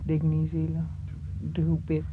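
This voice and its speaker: A woman teaching words of a language, saying each one slowly and more than once, then explaining what it means. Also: sits low, monotone. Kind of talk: teaching vocabulary, slow repeated words. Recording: tinny phone-like lo-fi recording with hiss.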